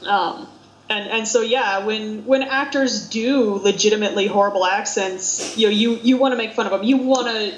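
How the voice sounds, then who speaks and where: A woman talks through films in a loose, chatty way, breaking into exclamations and laughter. Her voice sits at a middle pitch. The recording is echoey and slightly dull. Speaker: podcast co-host. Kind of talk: casual chat about films. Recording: roomy, dull lo-fi sound.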